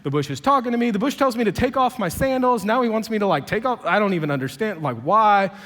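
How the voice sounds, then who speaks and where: A man's voice: high voice, animated, fast, fairly bright tone. A man voicing an old, reluctant male shepherd who talks in a casual, slangy, incredulous way. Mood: bewildered. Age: older. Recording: long hall reverb.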